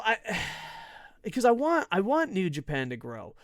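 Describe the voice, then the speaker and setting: A man's voice: sits high, unhurried, dry recording, clean studio sound. A man hosting a wrestling talk stream, ranting sarcastically and with lots of swearing. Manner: profane, sarcastic, animated. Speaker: wrestling show host. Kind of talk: casual rant to camera.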